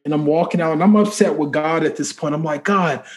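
A man in a casual interview, telling a personal faith story in an animated, conversational way and acting out the dialogue. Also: a little high, quick pace. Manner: conversational filler-heavy speech. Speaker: podcast guest.

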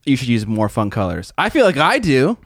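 A young man on a hobby podcast who jokes and teases his co-host. His voice rises and falls a lot, and he fires off quick quips. The sound is dry and close to the mic. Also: medium pitch, huge pitch swings, no room sound. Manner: playful, teasing, quick quips. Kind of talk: casual chat about miniature painting.

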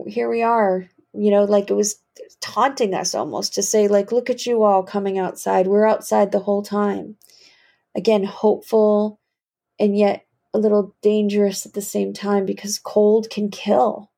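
A middle-aged woman hosting a reflective solo podcast, musing slowly and often restarting her words. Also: mid-range voice, gravelly, warm tone. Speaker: podcast host.

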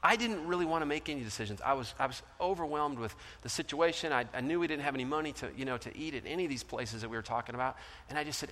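Bright-voiced male pastor in a reverberant hall. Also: a little high, racing. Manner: storytelling, acts out quoted voices, shifts loud to soft. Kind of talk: sermon. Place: large church hall.

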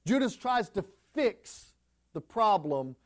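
Emphatic high-voiced male preacher. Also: big pitch swings, takes it slowly. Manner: emphatic, swings between loud peaks and quiet drops. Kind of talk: sermon.

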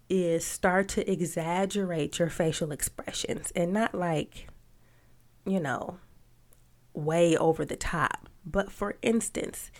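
A woman's voice: on the low side, darkish tone. A woman coaching on storytelling in a conversational podcast talk who often checks in with "right?" and plays with emphasis.

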